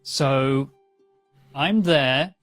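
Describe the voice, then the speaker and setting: A man's voice: medium pitch, extremely slow, a bit bright, dry recording, faint music behind. A man playing a tabletop game, joking and rambling playfully in character with the group. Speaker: player.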